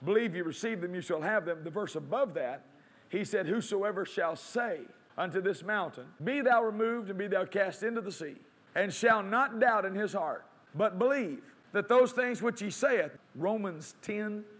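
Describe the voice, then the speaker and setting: A man with a high voice preaches to a congregation. He quotes scripture and answers his own questions. His emphasis builds as he goes. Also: normal speed, a bit bright. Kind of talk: sermon.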